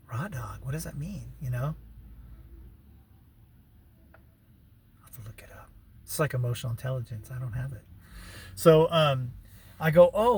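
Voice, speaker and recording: A man's voice: medium pitch, creaky, husky. A man rambling through a personal story in a casual vlog, full of "you know" and "right", with wry laughing asides. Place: living in his vehicle.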